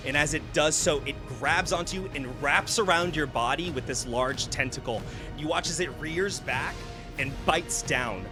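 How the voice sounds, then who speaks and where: A man running a tabletop game as game master, narrating a horror scene in vivid detail, often hushed, with fillers. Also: a little high, normal speed. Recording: music underneath.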